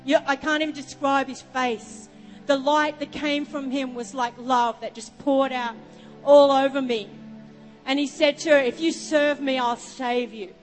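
Australian woman preacher, high voice, chatty storytelling sermon, long hall echo. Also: steady tone, measured pace. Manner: storytelling, rambling asides. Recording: long reverb with music behind.

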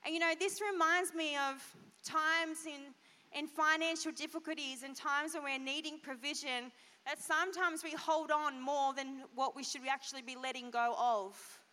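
A woman pastor giving an animated children's sermon, asking the kids questions. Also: high-pitched, normal speed. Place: church hall. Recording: long church hall reverb.

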